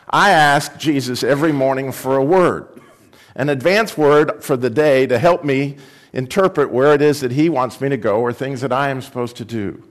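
A male pastor at a mid pitch, telling a story in the course of a sermon. His delivery is unhurried and reflective. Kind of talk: sermon with book reading.

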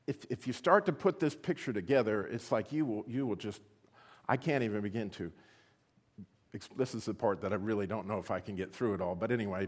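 A man preaching a sermon, animated and building to excited exclamations as he puts rhetorical questions to his listeners. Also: medium pitch. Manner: asks the audience rhetorical questions.

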